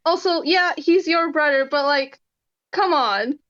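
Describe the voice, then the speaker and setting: A woman's voice: measured pace, a bit bright, lo-fi sound. A woman voicing an annoyed ghost toon who bluntly pushes back, in a tabletop role-play. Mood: annoyed exasperated. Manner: exasperated, rambling, pitch rising.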